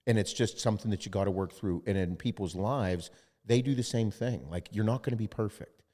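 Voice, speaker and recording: A man hosting a podcast in casual chat, animated and profane, acting out what other people say. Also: lowish voice, a little fast, in a large hall. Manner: animated, profane, acts out quoted voices. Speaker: podcast host.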